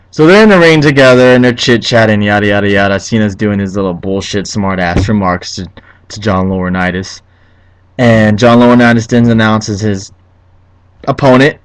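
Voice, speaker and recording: A young man giving a casual solo review of a wrestling show, profane and quick to get heated, with many restarts and fillers. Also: on the low side, clean tone, rough recording. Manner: profane, ranting, easily heated.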